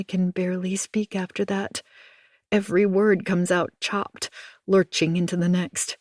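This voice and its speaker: A woman narrating an audiobook in a measured, hushed first-person telling. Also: lowish voice, level tone, dry recording, studio quality. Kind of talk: scripted narration.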